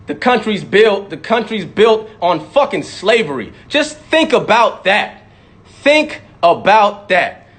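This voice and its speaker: A man's voice: high-pitched, big pitch swings, slow pace, fairly bright tone. A man giving a heated, profane monologue, repeating lines for emphasis and mocking imagined critics. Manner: mocks imagined critics in sudden voices. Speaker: rapper speaking out. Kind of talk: impassioned monologue.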